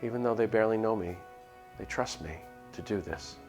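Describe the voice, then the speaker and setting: Deep gravelly-voiced man reading a game. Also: brisk, soft background music. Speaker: streamer reading a visual novel. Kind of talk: dramatic first-person reading of a game script.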